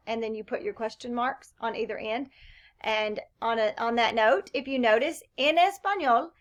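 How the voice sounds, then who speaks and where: A woman teaching a recorded Spanish lesson, explaining question types and modeling example phrases with a rising question inflection. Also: fairly high pitch. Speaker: Spanish instructor. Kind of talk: recorded lecture.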